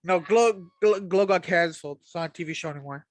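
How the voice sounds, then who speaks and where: A man's voice: sits high, a little fast, dry recording. A man co-hosting a podcast in laid-back, laughing casual chat. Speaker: podcast co-host.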